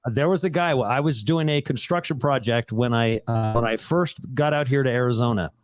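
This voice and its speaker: A man hosting a call-in show, telling a story with animated quoted voices. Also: mid-range voice, fairly quick, dry recording, faint music behind. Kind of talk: casual call-in chat, storytelling.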